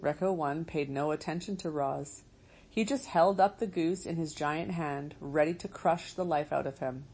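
A woman reading a storybook aloud as narrator, in a measured, steady way. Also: sits low, slightly rough, low-quality recording. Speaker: audiobook narrator.

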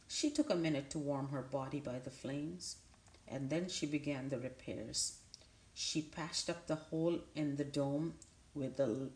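Woman reading a kids book aloud, low voice, super slow and steady, echoey room. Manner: measured, unhurried, with small restarts. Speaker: audiobook narrator. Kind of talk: storybook read-aloud.

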